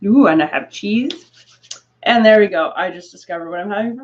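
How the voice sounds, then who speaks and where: A fairly quick, expressive, mid-range woman's voice comes through dull lo-fi stream audio. She's a Canadian crafter chatting casually with livestream viewers, laughing often and rambling along through asides.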